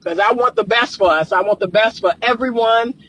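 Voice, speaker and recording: Passionate high-voiced male relationship coach. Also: fairly quick, bright, forceful tone, slightly rough. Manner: passionate, gets riled up. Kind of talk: casual livestream talk to viewers. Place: in a car, driving.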